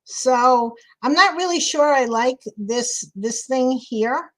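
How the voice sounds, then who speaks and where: Craft-stream host, woman, New York City accent, high pitch, chatty. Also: slow pace, a bit bright, rough recording. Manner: chatty, thinks aloud while working. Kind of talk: casual live crafting chat.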